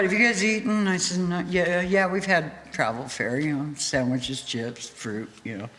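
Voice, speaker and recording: A woman guest in an interview, telling a story in a lively way, laughing often and acting out what people said. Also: fairly low pitch, normal speed. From United States. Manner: animated, laughing storyteller who acts out quotes. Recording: hall reverb with faint music.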